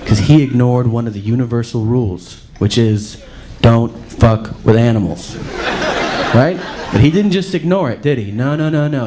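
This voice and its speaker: A man doing a stand-up comedy routine on stage, crude and mocking, telling his stories with lots of energy. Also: medium pitch. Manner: crude, mocking, animated storytelling. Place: comedy stage before a live audience. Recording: live stage recording with audience noise.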